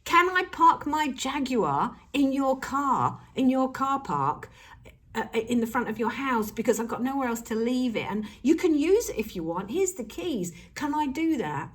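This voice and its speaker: A woman's voice: a little high, husky. A woman acting out a pushy neighbor who keeps asking for favors in a persistent, pleading way.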